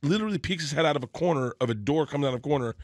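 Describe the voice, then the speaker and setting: A man, a comedian guest, telling a long anecdote in an excitable way, with quick restarts and stammers, and slipping into other people's voices. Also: on the high side, no room sound, clean studio sound. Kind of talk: animated storytelling anecdote.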